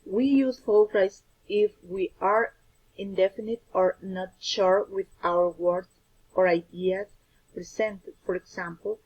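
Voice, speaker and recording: Breathy woman reading a lesson. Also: mid-range voice, fairly even intonation, darkish tone, low-quality recording. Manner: careful, slightly halting delivery with self-corrections. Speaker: student presenter.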